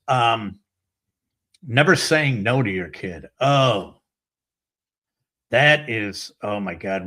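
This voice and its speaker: A man's voice: lowish voice, a bit bright. A middle-aged man hosting a casual talk show, ranting bluntly with profanity. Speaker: show host. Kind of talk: casual monologue.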